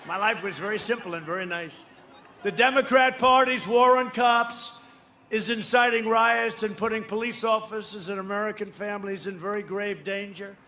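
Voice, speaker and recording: Addressing a rally crowd, a male political candidate speaks in a high, steady voice at a moderate pace, with the highs cut off in the audio. His campaign speech rambles and boasts, full of repeated asides, tag questions and sudden emphatic bursts.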